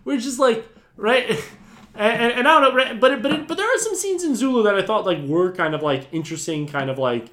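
A man co-hosting a casual film podcast, rambling excitably with lots of "like" and "right" and frequent laughter. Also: high voice, quick pace. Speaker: podcast co-host. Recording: roomy echoey room.

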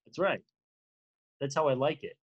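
A podcast co-host telling rambling stories in casual chat, full of fillers and restarts, and swooping high when excited. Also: normal speed, breathy edge, lo-fi sound.

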